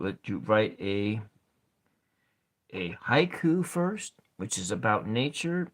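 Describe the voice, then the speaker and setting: A man speaking at an extremely slow, unhurried pace in a soft ASMR lesson, his pitch sitting in an ordinary middle range. He thinks aloud at his writing desk, counting syllables and spelling words letter by letter. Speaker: ASMR poetry teacher. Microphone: camera set over his desk.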